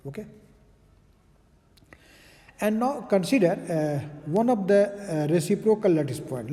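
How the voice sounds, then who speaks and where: A male physics lecturer talks through his material slowly and patiently, padding his sentences with "uh" and checking in with "okay". His voice sits fairly high for a man but sounds dark and mellow. The room gives it a long, lingering reverb. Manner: slow, explanatory, many fillers and "okay"s. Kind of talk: recorded lecture.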